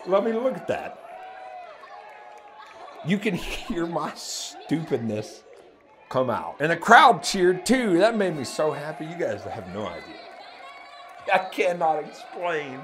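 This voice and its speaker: A man hosting a music reaction channel, telling an excited story to camera, laughing often and breaking into shouts. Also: a little high, takes it slowly, long pauses, crowd noise.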